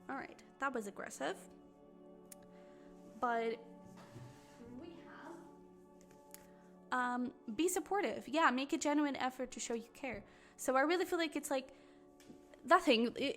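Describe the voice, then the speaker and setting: A woman doing a casual tarot reading to camera, talking in a rambling way full of fillers and restarts. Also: high-pitched. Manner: chatty, lots of fillers and restarts. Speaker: tarot reader.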